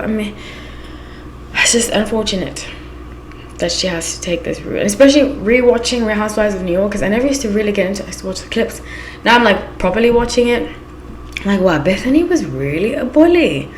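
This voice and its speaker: A woman's voice: medium pitch, roomy sound, slight background noise. A woman from Southern Africa with a Zimbabwean accent, chatting casually as a channel host and telling anecdotes with lots of asides. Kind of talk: casual chat.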